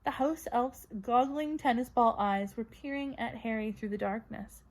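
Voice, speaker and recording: A woman narrating a children's fantasy novel with expressive reading. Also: a little high, normal speed. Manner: expressive, voices characters. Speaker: audiobook reader. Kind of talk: storybook narration.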